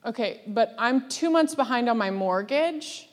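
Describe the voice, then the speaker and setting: A woman preaching a sermon in a lively, laughing way, acting out the voices she quotes. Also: on the high side, a little slow. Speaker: speaker. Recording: long hall reverb.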